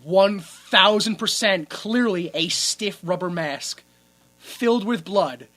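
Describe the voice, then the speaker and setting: A man's voice: sits high, slow, pushed and bright. A man co-hosting a casual comedy podcast, retelling a movie's scenes in a crude, joking way and laughing often. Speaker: podcast co-host.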